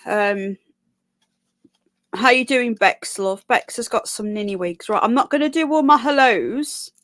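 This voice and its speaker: A woman's voice: on the high side, unhurried, a bit bright, dry recording. Woman streamer, rambling casual chat, dry close sound at home. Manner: chatty, rambling, self-interrupting. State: coughing. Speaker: livestream host. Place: home room.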